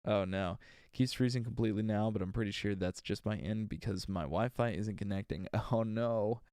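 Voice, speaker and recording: Reading an audiobook live on stream, this man has a fairly low, somewhat mellow and smooth voice. Between slow takes and retakes he chats casually, throwing in exasperated asides. The recording is dry and studio quality.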